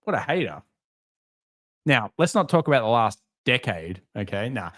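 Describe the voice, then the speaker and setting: A man's voice: medium pitch, moderate pace. Guy on a live market stream, sarcastic, cracking jokes at the chat. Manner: sarcastic, joking, animated storytelling. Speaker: livestream market commentator. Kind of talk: live stream chat, reading viewer comments.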